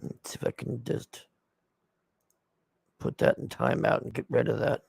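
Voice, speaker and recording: Gravelly, blunt-talking man. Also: medium pitch, unhurried, a little mellow, no room sound. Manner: blunt and profane, exasperated. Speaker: streamer reviewing a movie. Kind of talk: casual livestream movie recap.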